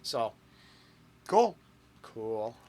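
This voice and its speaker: A man's voice: medium pitch, big pitch swings, extremely slow, dark tone. A man hosting a reaction channel, chatting casually and rambling with fillers and restarts. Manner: rambling, with fillers and self-corrections.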